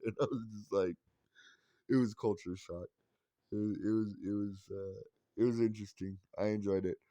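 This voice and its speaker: A man's voice: fairly low pitch, steady tone, normal speed, warm tone, dry recording. A man in his forties telling rambling, wry stories in a casual monologue, with frequent swearing. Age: 40s. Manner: rambling, profane, wry self-mocking. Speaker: vlogger.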